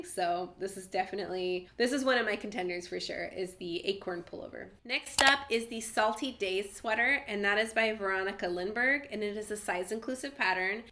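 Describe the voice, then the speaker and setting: A young woman with a cold talks through knitting patterns in a chatty, eager way, her voice stuffy and nasal. She keeps things casual and peppers her talk with "like". Her pitch sits in an ordinary middle range. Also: a bit bright. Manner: chatty, enthusiastic, many fillers of "like". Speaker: knitting podcast host.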